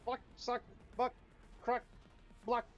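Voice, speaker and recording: A man giving casual let's-play commentary, swearing at enemies and whining about his play in loud, repetitive outbursts. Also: very high-pitched, takes it slowly, lo-fi sound, faint music behind. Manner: profane, whiny trash talk at enemies; excitable outbursts and repeated phrases. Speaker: gamer.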